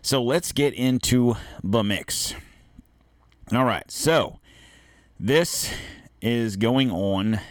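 A man's voice: medium pitch, very slow, pauses often, dry recording. A man hosting a podcast in a casual, rambling way, chatting to listeners from his studio on a studio microphone. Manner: laid-back, rambling, keeps saying "guys". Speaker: podcast host.

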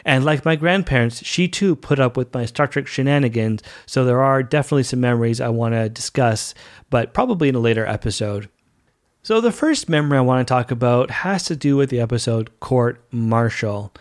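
A man's voice: medium pitch, fairly quick. Chatty man rambling on a podcast. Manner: chatty and rambling, with goofy put-on voices. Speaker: podcast host. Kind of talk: casual solo podcast monologue.

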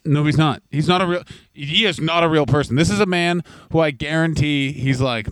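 A man's voice: on the high side, fairly quick, fairly bright tone, clear, resonant tone, no echo. A man co-hosting a comedy podcast, ranting crudely and slipping into mocking voices in casual chat. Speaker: podcast co-host.

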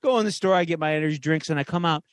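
A man's voice: a little high, very fast, no room sound. A man co-hosting a podcast, telling a story in a casual, theatrical way. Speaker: podcast co-host.

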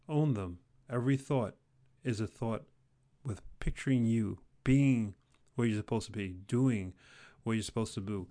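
A man giving an intense motivational talk, repeating phrases for emphasis and swinging between loud urging and quiet, low intensity. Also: measured pace. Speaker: career motivational speaker.

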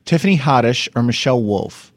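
A man hosting a podcast, asking questions in an excitable, cheeky way and swearing freely. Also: mid-range voice, a little fast, no echo. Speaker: podcast host. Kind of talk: casual interview chat.

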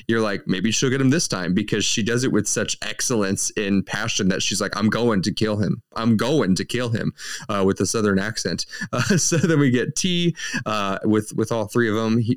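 A man's voice: lowish voice, smooth. A man co-hosting a podcast, recapping a show in a rambling, casual way with lots of fillers and restarts. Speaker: podcast co-host.

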